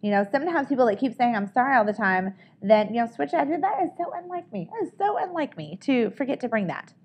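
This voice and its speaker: A woman's voice: on the high side, big pitch swings, fast, a little mellow. Upbeat woman coaching a group. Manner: upbeat, coaching, often asks "right?". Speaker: sales trainer. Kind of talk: training session talk.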